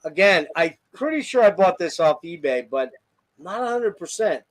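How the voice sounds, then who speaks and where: A man's voice: high-pitched, very animated, moderate pace. A man hosting a casual album review show, enthusiastic and swearing freely as he gushes over tracks. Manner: enthusiastic, profane, gushing. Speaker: podcast host reviewing albums. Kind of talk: casual music chat.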